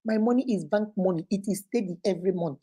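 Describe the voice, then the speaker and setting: A middle-aged Nigerian woman hosting a relationship advice talk, telling a listener's story in a casual, animated way and acting out what people said. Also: medium pitch, fast, breathy edge. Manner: animated, acts out quoted speech.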